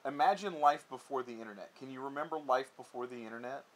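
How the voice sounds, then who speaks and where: A man co-hosting a casual vlog chat, rambling and animated, often restarting his sentences. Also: medium pitch, fast talker, slight background noise. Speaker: vlog co-host.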